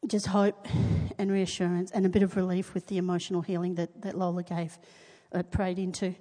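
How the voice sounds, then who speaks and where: A middle-aged woman sharing a personal faith testimony, telling it as a lively story, acting out what people said and laughing often. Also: fairly low pitch, a little fast. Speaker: testimony speaker.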